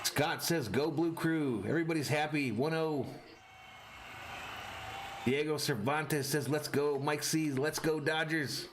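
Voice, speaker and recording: A man hosting a live fan play-by-play stream, calling the game and reading chat messages with excitable energy. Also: a little high, unhurried, background noise. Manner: excitable, rises sharply on big plays.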